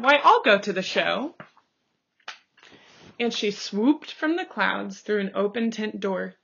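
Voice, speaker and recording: Woman reading a picture book aloud, slow, expressive, bright tone, dull lo-fi recording. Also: medium pitch. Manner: slow, expressive read-aloud, calls out page turns. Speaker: storybook reader.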